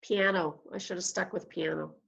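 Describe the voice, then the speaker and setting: A woman answering quick questions in a casual chat, chatty and quick to laugh. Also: on the low side, steady tone, creaky, fairly bright tone, muffled recording. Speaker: guest.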